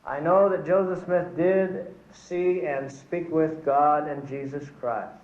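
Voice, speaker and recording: A man's voice: a little high, steady tone, slow. A man giving an earnest sermon full of stories, testifying and addressing his listeners as brothers and sisters. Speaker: church speaker. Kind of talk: sermon with storytelling. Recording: echoey hall, dull lo-fi recording.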